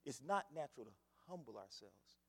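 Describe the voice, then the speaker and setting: An older man preaching a sermon, swinging between loud fervent calls and low hushed asides. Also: animated, brisk, breathy edge, big-room sound. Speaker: pastor.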